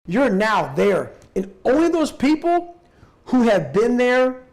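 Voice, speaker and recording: A man's voice: very high-pitched, big pitch swings, slow, gravelly. A man giving a blunt, intense motivational talk as an interview guest, swearing freely.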